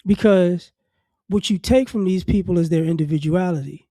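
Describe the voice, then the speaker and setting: A man's voice: high voice, normal speed, dark tone, no room sound, studio quality. A man from New Orleans with faint traces of a Southern accent, giving a blunt, casual opinion monologue and often repeating words as he builds a point. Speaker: commentary vlogger.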